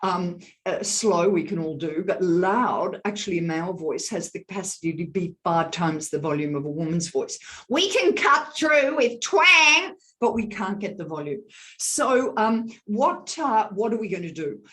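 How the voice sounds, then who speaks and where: A woman executive coach answering interview questions on a video call, talking in an animated, demonstrative way about voice and leadership. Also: lowish voice, moderate pace. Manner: animated, demonstrative, explains with vocal examples. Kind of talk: virtual summit interview.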